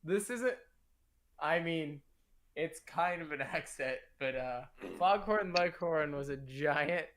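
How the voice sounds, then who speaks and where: A man's voice: on the high side, expressive, slow, a bit bright. A man streaming a game, chatting casually in a playful, joking way. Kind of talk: casual chat while gaming.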